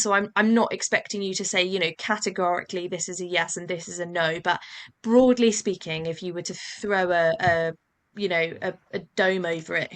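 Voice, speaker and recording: A woman with a bright, forceful voice hosts a casual podcast chat. She tells lively anecdotes and slips into quick character voices for the people and the dog in her stories. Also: mid-range voice. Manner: chatty storyteller, acts out voices in anecdotes. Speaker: podcast host.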